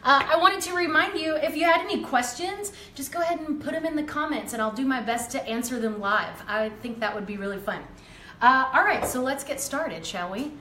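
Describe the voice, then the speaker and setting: A woman's voice: sits high, brisk, sharp tone, a little hiss or hum. Chatty young woman hosting a cooking demo. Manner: upbeat and chatty, with frequent ums. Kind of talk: live cooking demonstration. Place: home kitchen. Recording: roomy kitchen echo, faint ambience.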